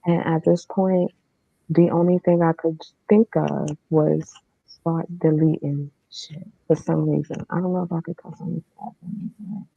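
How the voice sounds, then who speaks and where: A woman's voice: sits low, steady tone, a little slow, gravelly, breathy edge, no room sound. A woman telling her own story as a guest, in a candid, matter-of-fact way with casual fillers. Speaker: podcast guest. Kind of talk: personal storytelling. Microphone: remote streaming setup. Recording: dull lo-fi online stream.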